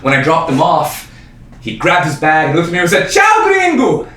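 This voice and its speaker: A man's voice: on the high side, moderate pace, slight background noise. A young man performing a self-mocking solo stage monologue in a small performance space. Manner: self-mocking, animated storytelling. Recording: roomy stage sound from a distance, faint ambience.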